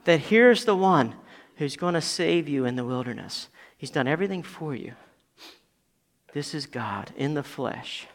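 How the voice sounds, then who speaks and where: A man preaching a sermon as pastor, building to loud emphatic peaks and dropping to quiet asides. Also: on the high side, long reverb tail.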